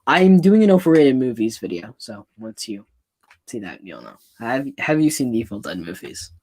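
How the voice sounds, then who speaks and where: A young man hosts a casual interview chat. He gives his opinions flatly and bluntly, then jumps in with quick follow-up questions. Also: medium pitch. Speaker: host, interviewer.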